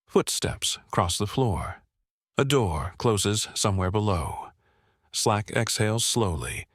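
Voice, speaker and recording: A man narrating a village mystery story in a measured, even storytelling delivery. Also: lowish voice, no echo, studio quality. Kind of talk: scripted audiobook narration.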